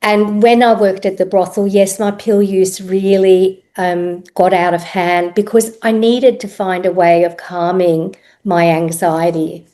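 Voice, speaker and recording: Middle-aged woman guest, slow and reflective, halting delivery. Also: medium pitch, fairly even intonation, dark tone. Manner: reflective, unhurried, pauses with ums. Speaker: podcast guest, therapist. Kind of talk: personal story in interview.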